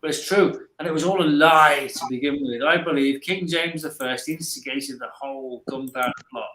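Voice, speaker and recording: A man's voice: on the high side, normal speed, bright, forceful tone, roomy sound. A man, rambling through a story in casual live chat and repeating his words.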